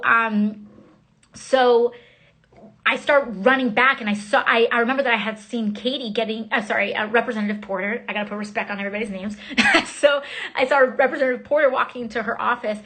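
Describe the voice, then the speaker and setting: A woman, a member of Congress, recounting events in a casual, halting livestream talk full of fillers and restarts. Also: a little high, a bit bright. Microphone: phone.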